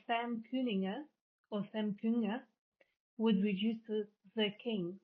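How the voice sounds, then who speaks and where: A woman giving a recorded linguistics lecture, explaining step by step and often rephrasing her terms. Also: medium pitch. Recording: tinny phone-like audio.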